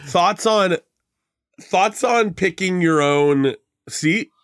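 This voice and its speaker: A man's voice: high-pitched, extremely slow, fairly bright tone, dry recording, clean studio sound. A man co-hosting a podcast in casual chat, telling stories with lots of fillers. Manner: chatty storytelling with many fillers. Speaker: podcast co-host.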